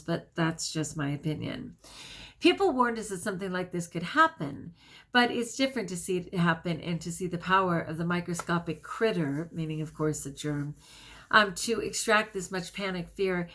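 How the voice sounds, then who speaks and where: Chatty, low-voiced woman vlogger. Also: fairly bright tone. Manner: quick, chatty, many fillers and self-corrections. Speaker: vlogger and teacher. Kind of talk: casual talk to camera, reading an article aloud.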